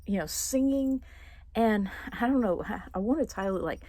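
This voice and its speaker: A young woman vlogging casually, rambling with many fillers and restarts and clearing her throat now and then. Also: mid-range voice, expressive, moderate pace, dark tone, no room sound. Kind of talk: casual personal monologue.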